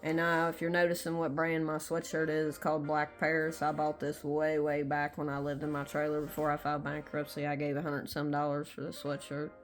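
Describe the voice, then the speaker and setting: A woman's voice: sits low, monotone, fairly quick, hardly any pauses, soft background music. A woman with a Southern American accent, rambling candidly in a casual personal vlog from her room. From Southern United States. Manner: rambling and candid, many fillers. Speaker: vlogger. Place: small bedroom at home.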